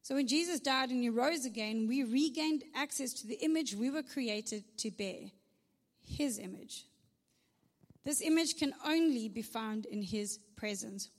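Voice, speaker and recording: In a big church hall where her voice rings with a long reverb tail, a South African woman preaches in a chatty, conversational style. Her voice is somewhat high with a darkish tone, and she punctuates points with "right?" and jokes on the side.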